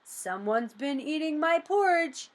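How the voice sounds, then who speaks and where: A woman reading the part of a big gruff father bear in a storybook, grumbling and growling. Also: high-pitched, lively intonation, a little slow, pitched above the performer's own voice.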